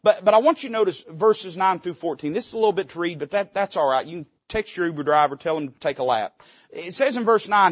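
A man's voice: high-pitched, animated, fast, no echo, dull audio. A male pastor preaching from a church pulpit, emphatic and folksy. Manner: emphatic, folksy, quotes old scripture aloud. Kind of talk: sermon.

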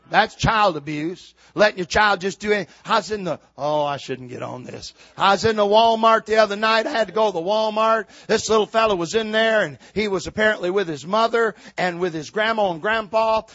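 An older man preaching a sermon, swinging from shouted exhortation to quiet, folksy storytelling. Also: high voice, no echo, dull audio. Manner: fiery preaching, builds to shouts then drops to quiet storytelling.

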